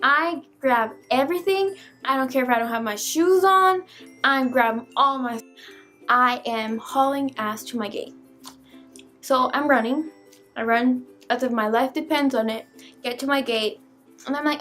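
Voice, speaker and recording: Young female vlogger, high voice, exasperated animated storyteller. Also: a little slow, soft background music. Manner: animated, exasperated, swears casually. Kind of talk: casual storytime vlog.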